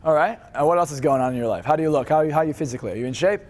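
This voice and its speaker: A man leading a live seminar, energetic and fast, swearing freely as he instructs the room. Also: fairly high pitch. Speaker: seminar speaker.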